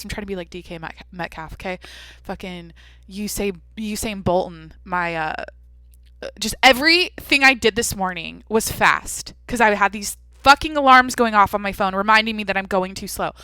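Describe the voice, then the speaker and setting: A young woman talks straight into a podcast microphone, hopping from one aside to the next and swearing freely. Her voice is bright and a little sharp. The sound is close and dry, with no room around it. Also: medium pitch, no echo. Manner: rambling, profane, self-interrupting storytelling. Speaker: podcast host. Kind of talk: solo podcast monologue.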